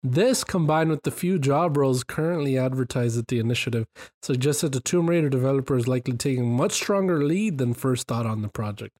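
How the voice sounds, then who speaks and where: A man's voice: mid-range voice, fairly quick, darkish tone. A man hosting a casual video game podcast, reading news aloud and teasing his co-hosts, often saying "dude". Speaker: podcast host.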